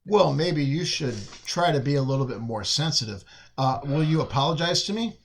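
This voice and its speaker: A man's voice: a little high, expressive, moderate pace. Crude joking male podcast host. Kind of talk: casual podcast chat.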